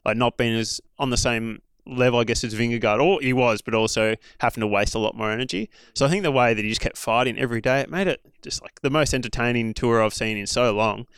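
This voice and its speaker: A man's voice: mid-range voice, quick pace, few pauses, a bit bright, clear, resonant tone, dry recording, clean studio sound. An Australian man, a former pro cyclist, telling stories in a rambling, casual way full of fillers and asides. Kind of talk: casual storytelling chat.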